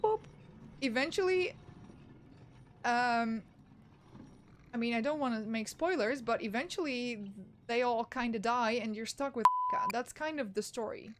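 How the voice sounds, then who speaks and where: A woman's voice: a little high, moderate pace, noisy background. A woman streaming a game, chatting casually and giggling a lot as she plays. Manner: giggly and excitable, laughing often. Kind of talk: casual live-stream commentary.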